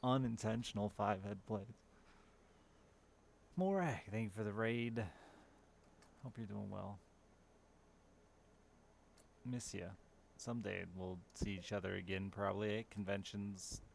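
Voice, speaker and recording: A man's voice: lowish voice, a little slow, vocal fry, pauses often, slight background noise. A man chatting casually and candidly with his stream viewers, openly talking about his feelings and swearing now and then. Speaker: live streamer.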